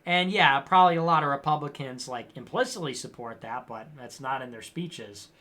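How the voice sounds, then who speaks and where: On a livestream of casual political commentary, a male host with a medium-pitched, bright, forceful voice reads viewer comments aloud at a moderate pace and answers them with sarcastic mockery.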